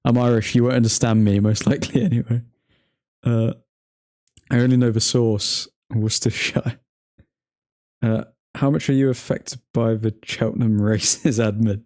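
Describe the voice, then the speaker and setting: A man's voice: mid-range voice, steady tone, normal speed, darkish tone, no echo, clean studio sound. Laid-back young man bantering with chat. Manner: joking banter, laughs often, talks to chat by name. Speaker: livestream host reading chat. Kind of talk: casual chat over a football watchalong.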